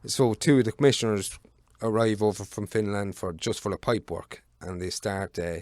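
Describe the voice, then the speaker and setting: A deeper-voiced Irish man in his thirties tells a long story as a podcast guest. He rambles, swears freely and fills gaps with ums. The recording sounds close and dry. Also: steady tone, moderate pace, darkish tone, no echo. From Ireland. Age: 30s. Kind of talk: casual storytelling.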